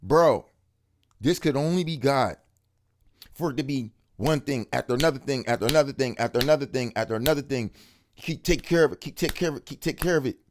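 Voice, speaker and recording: A man giving an excited, casual faith testimony to camera, full of street slang and repeated words for emphasis. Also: mid-range voice, fairly quick. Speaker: religious video speaker.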